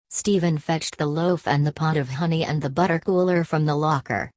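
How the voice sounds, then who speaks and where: A woman narrating a literary audiobook with a measured reading. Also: low voice, darkish tone, no echo. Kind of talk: scripted narration.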